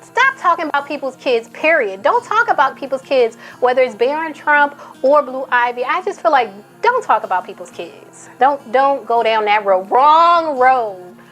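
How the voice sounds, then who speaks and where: Outspoken woman with a high-pitched voice. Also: animated, moderate pace, hardly any pauses, fairly bright tone, soft background music. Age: adult, a mother. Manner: outspoken, emphatic, repeats for emphasis. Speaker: commentary YouTuber. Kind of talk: casual commentary, reading tweets aloud.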